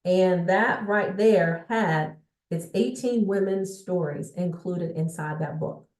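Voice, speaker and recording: A woman's voice: fairly low pitch, slow, a little mellow. Emphatic woman coaching in an echoey room. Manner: emphatic, checks in often with the audience. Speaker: sales and business coach. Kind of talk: motivational coaching talk to viewers. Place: indoor room with a bookshelf behind her.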